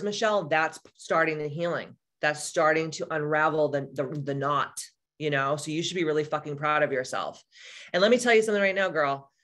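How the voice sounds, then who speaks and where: A woman in her forties, a spiritual coach, talking casually to live-stream viewers in a blunt, profane and candid way. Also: low-pitched. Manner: animated, answers viewers by name.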